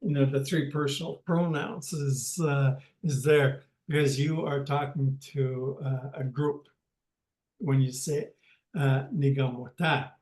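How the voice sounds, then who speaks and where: An older man teaching a language lesson over a video call, speaking haltingly with many pauses and restarts. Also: medium pitch, steady tone, darkish tone, echoey room, rough recording.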